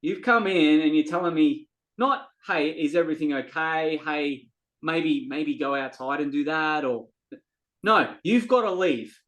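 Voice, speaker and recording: A man's voice: a little high, a little slow, low-quality recording. A middle-aged man, a podcast guest telling a story in casual talk and acting out what people said. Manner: animated, acts out quoted dialogue, frequent restarts.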